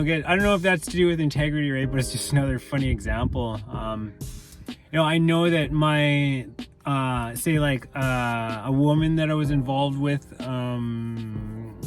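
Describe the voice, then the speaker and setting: A man talking casually and candidly in a rambling monologue, full of fillers and restarts. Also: fairly high pitch. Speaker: channel host.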